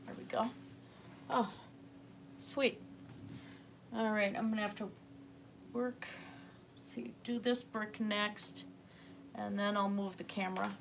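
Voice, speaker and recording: A woman's voice: medium pitch, level tone, slow, creaky, pauses often, noisy background. A woman chatting casually while painting on a livestream, rambling and answering viewer comments. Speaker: livestreaming artist.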